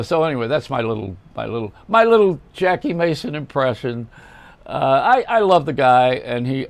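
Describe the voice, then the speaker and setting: An older man, a radio host, telling anecdotes in a rambling monologue, often stopping to correct himself. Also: medium pitch. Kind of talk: storytelling monologue.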